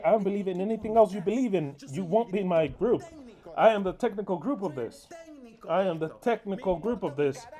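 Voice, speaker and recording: Guy doing english voice-over of a sermon, high but really dark mellow voice, swears and scolds a lot. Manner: crude, scolding and emphatic. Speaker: interpreter.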